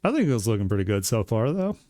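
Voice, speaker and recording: A man's voice: lowish voice, big pitch swings, fast, dark tone, no echo, clean studio sound. A man chatting casually as a streamer while he makes art, laid-back and joking at his own expense.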